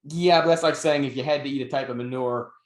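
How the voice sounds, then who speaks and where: A man's voice: medium pitch, steady tone, fast. Dry-humored man, roomy echo. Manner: dry storytelling, wry asides. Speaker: podcast co-host and novelist. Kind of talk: casual podcast chat.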